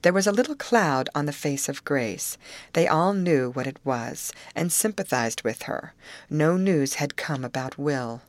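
A woman narrating an old novel as an audiobook, in an expressive storytelling cadence on a close mic. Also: low-pitched, a little slow, no room sound.

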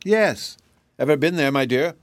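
An unflappable, kindly shaggy wanderer, as a man reading a storybook puts him on, speaking gently and solemnly. His voice is a shade higher than the reader's own and moves lively. The sound is dry and close. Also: unhurried, no room sound. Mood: reassuring. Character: calm, cheerful, whimsical shaggy wanderer man. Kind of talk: audiobook character voice.

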